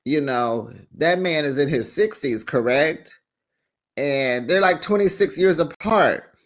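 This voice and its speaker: Sassy man dishing reality TV gossip. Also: takes it slowly. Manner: sassy, animated, acts out quotes with sharp pitch jumps; laughs between remarks. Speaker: reality TV recap host. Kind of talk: casual chatty recap commentary.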